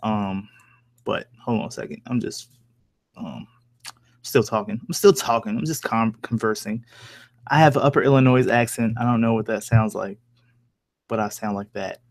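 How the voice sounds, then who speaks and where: A man's voice: on the low side, moderate pace, pauses often, no room sound, studio quality. A young man from Oklahoma chatting casually on a live stream, answering viewers with lots of fillers, cursing and jokes. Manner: rambling, profane, joking, lots of fillers. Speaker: streamer reading chat.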